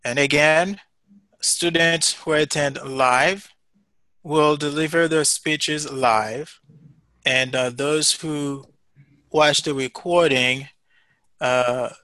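A man's voice: a little high, takes it slowly, pauses often, bright, forceful tone, no room sound. A man teaching a class, giving patient, encouraging feedback with many fillers and restarts. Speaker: instructor.

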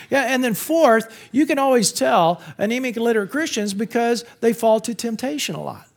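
A high-pitched middle-aged man preaches to college students with animated, joking energy. He often acts out whiners and grumblers in mock voices, then drops back to his own. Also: fairly quick, gravelly, hardly any pauses. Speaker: campus pastor.

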